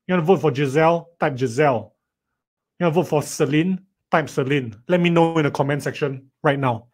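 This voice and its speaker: A man's voice: fairly high pitch, fairly quick. A man teaching a live online writing lesson, reading students' sentences aloud and teasing them playfully. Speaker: writing tutor.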